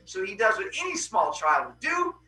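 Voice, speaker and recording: Animated man telling a myth casually. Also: high voice, normal speed, roomy sound, distant mic, a little hiss or hum, rough recording. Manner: animated, jokey, with playful asides. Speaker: podcast host.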